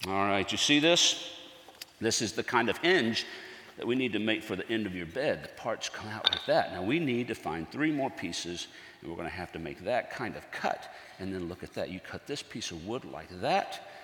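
A man playing a gentle, devout, middle-aged carpenter and father, telling his story earnestly in a first-person stage monologue. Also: on the low side, expressive, moderate pace, a little hiss or hum. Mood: teaching. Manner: earnest, storytelling, softens to near-hush at key moments. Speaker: actor in a dramatic monologue. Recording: echoey hall with long reverb.

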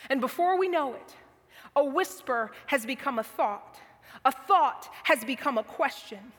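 Slow, high-voiced woman preaching a sermon. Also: animated, a bit bright, long reverb tail. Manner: slow, dramatic delivery dropping to a whisper.

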